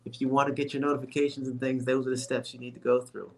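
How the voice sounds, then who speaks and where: A man's voice: medium pitch, little pitch movement, fast, creaky, darkish tone, a little hiss or hum. A man hosting a casual livestream, rambling in a friendly way with many fillers and restarts, and calling his viewers folks. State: a little winded and tired. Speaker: livestream host.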